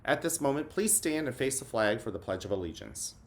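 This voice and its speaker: A man who is an elementary school principal, giving gentle, encouraging morning announcements and guided mindfulness to students. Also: mid-range voice, very animated, fairly quick.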